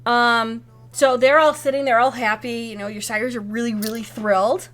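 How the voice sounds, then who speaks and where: A woman serves as game master for a tabletop role-playing game, narrating scenes vividly and descriptively. Her voice is slightly high and her speed normal, and she corrects herself often.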